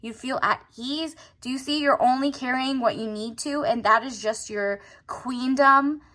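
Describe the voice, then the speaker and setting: A woman's voice: high voice, unhurried, pushed and bright. A woman giving a casual, slangy tarot reading to her viewers, often acting out their thoughts in quotes. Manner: chatty, slangy, acts out the viewer's inner voice. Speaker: tarot reader.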